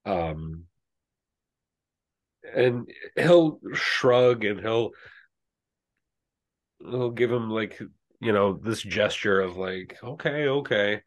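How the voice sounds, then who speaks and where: A man's voice: on the low side, drawn-out words, pauses often. A man narrating as game master of a tabletop game, rambling with lots of fillers.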